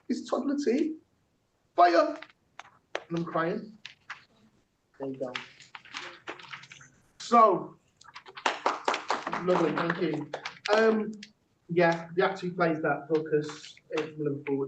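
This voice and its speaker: Unhurried and leaving long pauses, a man with a voice on the high side is heard over background noise. He's a Yorkshire workshop facilitator in a theatre workshop room, performing punchy spoken word poetry and then discussing it with a group, recorded distantly in an echoey, dull room.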